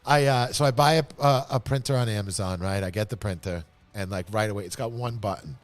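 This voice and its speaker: A man hosting a podcast from the back room of a bar, telling animated, profane stories in casual chat. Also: on the low side, a little fast. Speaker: podcast host.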